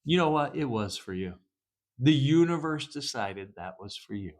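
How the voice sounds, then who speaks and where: A man from the United States, a police psychologist, telling stories in a casual vlog, animated and laughing often. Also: mid-range voice, normal speed.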